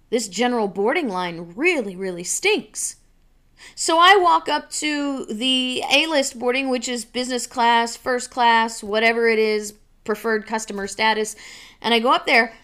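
A woman hosts her own show and tells her story in an animated, emphatic way, full of exasperation. Her voice sits a little high. She moves from telling the story to laying out a legal argument point by point. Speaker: show host.

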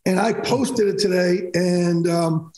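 A man's voice: sits high, steady tone, slow, dark tone, roomy sound, poor audio. A man telling personal stories as a podcast guest, emphatic and rambling, restarting sentences often. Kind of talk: candid storytelling in a podcast interview.

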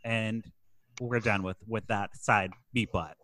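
A man's voice: fairly low pitch, steady tone, slow pace, bright, forceful tone. A man co-hosting a podcast, retelling a movie plot with sarcastic jokes. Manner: sarcastic, jokey storytelling. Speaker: podcast co-host. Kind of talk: casual movie recap chat.

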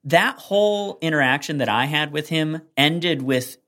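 A man co-hosting a casual podcast chat, telling a long anecdote in a rambling, animated way with lots of fillers. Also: a little high, measured pace. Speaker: podcast co-host.

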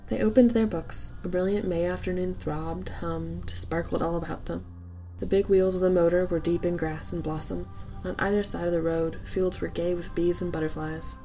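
A woman narrating a classic story in a measured, expressive audiobook style. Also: fairly low pitch, faint music behind.

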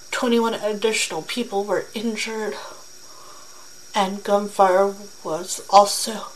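A young woman talking earnestly in a casual vlog, reading facts aloud in a halting way with fillers and restarts. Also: medium pitch, slight background noise, low-quality recording.

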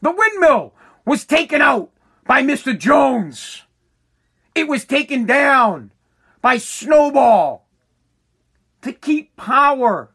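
Guy with a pretty high voice ranting hard, swearing a lot, repeats himself. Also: sing-song, takes it slowly, pauses often, pushed and bright, breathy edge. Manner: profane, heated, repeats points. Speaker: working contractor. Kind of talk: angry political rant.

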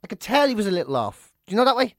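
List: man, podcast host, animated pitch, playful, dry room. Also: rapid-fire, no echo. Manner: expressive, jokey, playful put-on voices. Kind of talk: casual chat.

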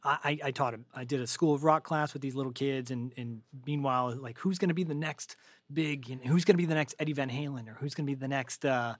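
Dry-voiced animated male podcast host. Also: mid-range voice, quick pace, no echo. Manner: animated storyteller, many fillers and restarts. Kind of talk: casual interview chat. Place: remote, not in the same room as the guest.

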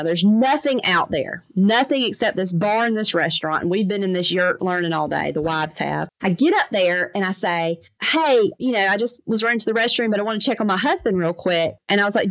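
A woman lawyer telling lively anecdotes in a casual interview, acting out the voices of the people in her stories. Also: medium pitch, no echo, low-quality recording. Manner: animated, fast anecdotes with lively quoted voices. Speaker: trucking lawyer, podcast guest.

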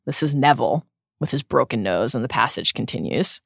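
A woman's voice: rumbling low, lively intonation, brisk, vocal fry, dry recording, studio quality. A woman co-hosting a podcast, recapping a novel with earnest, openly emotional commentary. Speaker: podcast co-host. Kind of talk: recapping a book chapter by chapter.

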